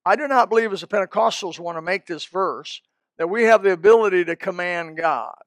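A man's voice: sits high, brisk, fairly bright tone, no room sound. A man preaching a sermon in a folksy, rambling way, with asides and restarts. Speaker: pastor.

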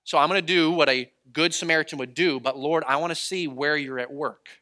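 Male preacher, fairly high and bright tone, animated story sermon, acts out quoted voices. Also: a little fast. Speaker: traveling preacher.

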